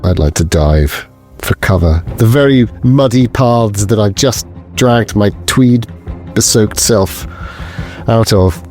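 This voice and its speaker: A man's voice: on the low side, slow, darkish tone, soft background music. A man playing a tabletop horror game, wordy and self-deprecating. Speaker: player.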